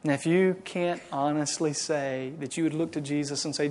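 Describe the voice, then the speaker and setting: A male pastor preaching to a congregation and leading a prayer, swinging from loud impassioned exhortation to quiet, hushed pleading. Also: on the high side, a little fast, few pauses. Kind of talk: sermon and closing prayer. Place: church service.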